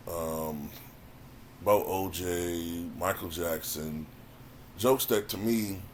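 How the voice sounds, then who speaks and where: A man with a low, deep voice talks through a casual review like he's chatting with viewers. He is conversational and often repeats words while he gathers his thoughts. A faint background hiss sits under the recording. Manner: conversational, repeats words when thinking, frequent "you know what I'm saying". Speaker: YouTube commentator reviewing a stand-up special.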